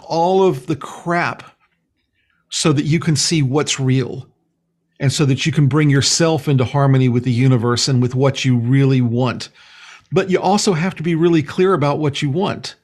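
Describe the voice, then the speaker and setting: A man's voice: medium pitch, steady tone, normal speed, a little mellow. A man being interviewed as a spiritual healer. He talks in an earnest, rambling way and fills his sentences with "you know". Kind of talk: casual conversational interview.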